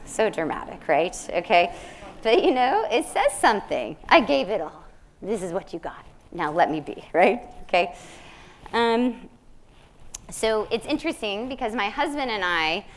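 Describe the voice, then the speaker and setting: A woman in her thirties lectures to a live audience in a large hall, speaking earnestly and thoughtfully. Her pitch sits in an ordinary middle range for a woman. She often turns to her listeners to check that they are following her. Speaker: nursing lecturer.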